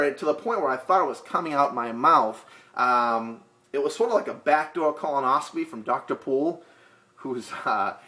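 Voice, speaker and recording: A man's voice: mid-range voice, sharp tone. A man, a real estate agent answering viewer questions in a casual, rambling, joking way with lots of fillers. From Boston area. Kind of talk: casual vlog Q&A.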